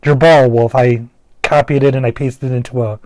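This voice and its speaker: A man's voice: mid-range voice, steady tone, moderate pace, a little mellow, no echo. A man giving casual, rambling gameplay commentary, full of fillers, restarts and the odd swear word. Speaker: gaming commentator.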